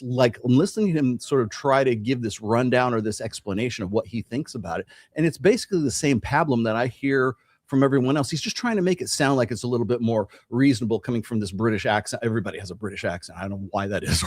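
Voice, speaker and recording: A man's voice: mid-range voice, a little mellow, no room sound, clean studio sound. A man hosting a casual podcast discussion, explaining his views emphatically and repeating phrases for emphasis. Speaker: podcast host.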